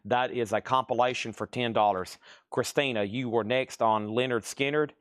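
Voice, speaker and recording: A man hosting a live-streamed record sale, listing items at a rapid clip and slipping into playful sales pitches. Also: steady tone, no echo, clean studio sound. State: out of breath. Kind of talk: live-stream auction patter.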